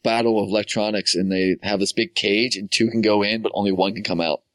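A man's voice: fairly low pitch, steady tone, a little fast, a bit bright, no room sound. A man co-hosting a casual gaming podcast, playful and rambling. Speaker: podcast co-host. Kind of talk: casual chat.

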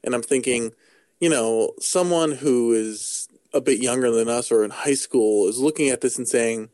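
A man's voice: mid-range voice, moderate pace, warm tone, no echo. Rambling man chatting about games. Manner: rambling, jokey, many fillers and restarts. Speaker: podcast co-host. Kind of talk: casual gaming chat.

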